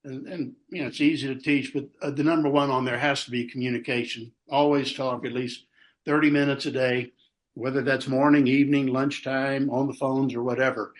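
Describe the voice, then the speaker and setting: A man's voice: medium pitch, level tone, a little fast. Folksy older man telling stories. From Texas. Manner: folksy, acts out quotes with raised voice. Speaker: pastor, podcast guest. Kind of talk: casual chat, storytelling.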